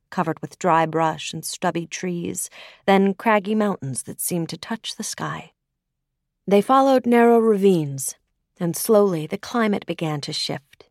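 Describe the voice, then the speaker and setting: Low-voiced woman narrating a story. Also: dry recording, clean studio sound. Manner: measured storytelling, drops to a hush on dark lines. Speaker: audiobook narrator. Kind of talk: scripted narration.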